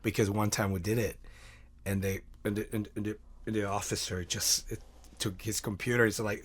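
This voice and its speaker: Youngish mexican guy on a podcast, lowish voice, stumbles and repeats himself, non-native english. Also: level tone, husky. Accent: Mexican Spanish. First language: Spanish. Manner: halting, repeats words, non-native grammar. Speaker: guest musician. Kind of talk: casual storytelling interview.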